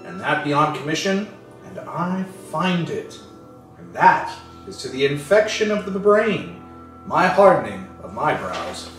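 A man's voice: fairly high pitch, sing-song, a little slow. A man reciting Shakespeare dramatically, in a declaiming manner. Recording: echoey room, distant mic, music behind.

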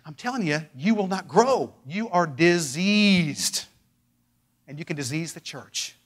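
A male pastor preaching a sermon with fervent intensity, moving from loud declarations to hushed pleading and drawing out phrases for emphasis. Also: on the high side, expressive, unhurried.

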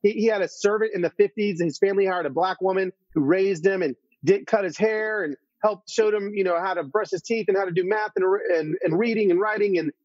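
A man's voice: high-pitched, brisk, hardly any pauses, darkish tone, no echo, highs cut off. A man as an interview guest, telling a story earnestly, full of restarts and asides.

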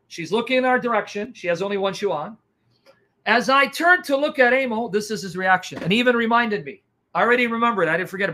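Animated man with a sharp, bright voice. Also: high voice. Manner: animated, dramatic, acts out reactions. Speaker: evangelist. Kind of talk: testimony storytelling.

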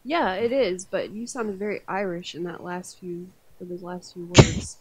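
A woman's voice: lowish voice, normal speed, breathy edge, rough recording. A woman co-hosting a podcast in casual chat, talking freely, laughing often and swearing casually. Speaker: podcast co-host.

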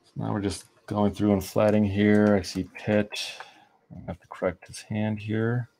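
A man's voice: fairly low pitch, flat delivery, normal speed, warm tone. A man telling a long, rambling anecdote in casual chat while he colors artwork, often restarting his sentences. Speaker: artist streaming a coloring session. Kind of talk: casual storytelling while drawing.

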